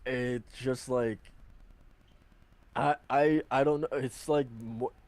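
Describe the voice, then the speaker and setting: A man's voice: mid-range voice, fairly even intonation, slow, a little mellow, dry recording. A man chatting casually on a podcast, rambling with lots of filler words, restarting his sentences and laughing easily. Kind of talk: casual chat about video games.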